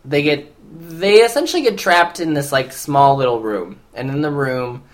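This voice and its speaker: A woman's voice: very deep voice, lively intonation, normal speed. A woman co-hosting a podcast, recapping a film in casual chat with wry, joking commentary. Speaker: podcast co-host.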